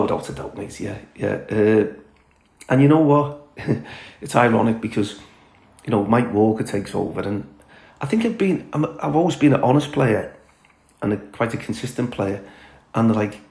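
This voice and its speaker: A middle-aged former footballer telling blunt, candid stories as a podcast guest, chatty with many fillers. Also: male voice, fairly low pitch, normal speed, gravelly, pauses often, darkish tone, echoey room, poor audio. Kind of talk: casual storytelling chat.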